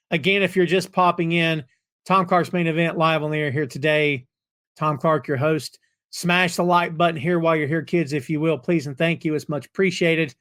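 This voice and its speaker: A man hosting a live chat show, talking in an animated, rambling way with folksy slang and chuckles as he reads viewer comments. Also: on the high side. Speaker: podcast host.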